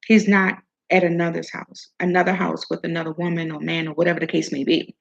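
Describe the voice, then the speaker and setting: A woman with a gravelly, husky voice gives chatty, preachy advice about self-worth, tossing in the odd swear word. She sometimes talks around food in her mouth, and the recording sounds a bit dull and lo-fi. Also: fairly low pitch, flat delivery, a little fast. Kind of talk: casual motivational talk.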